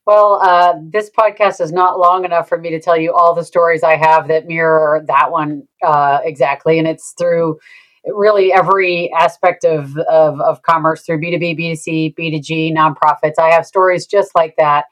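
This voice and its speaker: Sales consultant guest, female, lower voice, thoughtful, halting. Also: fairly even intonation, rough recording. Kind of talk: conversational interview.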